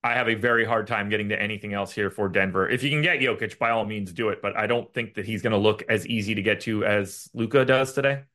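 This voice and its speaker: A man co-hosting a fantasy basketball show, reading a sponsor spot with energy and then chatting casually about lineup picks. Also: fairly low pitch. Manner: energetic ad reads, quick and upbeat. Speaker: fantasy sports podcast co-host. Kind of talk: casual sports betting chat.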